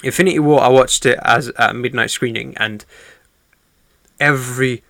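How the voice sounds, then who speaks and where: A man chatting on a podcast with a bright, forward voice and a lot of excitement. He acts out crowd reactions and hums tunes as he goes. The sound is dry and close, with no room around it. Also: medium pitch, normal speed, creaky, no room sound. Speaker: podcast co-host. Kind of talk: casual chat.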